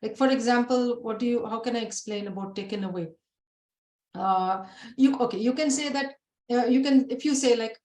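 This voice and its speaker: A woman's voice: a little high, normal speed, a little mellow. A woman giving a religious lesson, explaining patiently with everyday examples and asking rhetorical questions she answers herself. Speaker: Quran teacher. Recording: echoey room.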